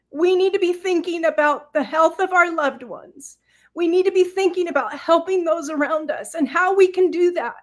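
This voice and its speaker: High-voiced earnest woman guest. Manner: earnest, emotional, gets choked up. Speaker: guest, product seller. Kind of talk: heartfelt faith-filled testimonial.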